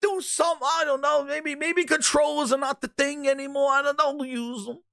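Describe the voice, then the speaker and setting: A man voicing a drunk male executive who slurs, stammers and rambles in a high, whiny voice. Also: lively intonation, moderate pace, dry recording, studio quality. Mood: rambling.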